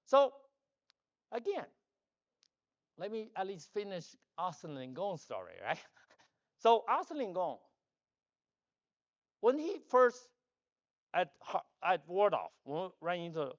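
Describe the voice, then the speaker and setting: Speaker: man, loud and rambling at the podium, joking, dull and dry sound. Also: sits high, big pitch swings, takes it slowly, pauses often, no echo. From China. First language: Chinese. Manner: loud, emphatic, joking asides. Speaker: conference speaker. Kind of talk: rambling conference talk. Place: conference hall stage.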